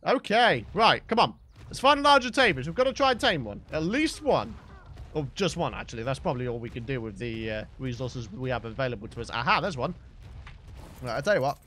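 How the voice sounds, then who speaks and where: A young British man giving excited, chatty let's play commentary as the host of a gaming channel. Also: medium pitch, a little fast. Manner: excitable, chatty, bursts into shouts and laughs.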